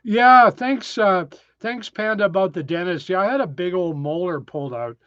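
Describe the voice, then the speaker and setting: Indoors in a tiny desert cabin, a man hosts a relaxed live stream, working through viewer comments and reading out names with lots of ums and uhs. His slightly high voice moves briskly and sounds chatty. The audio is dry and a bit dull with no echo, like a home streaming setup.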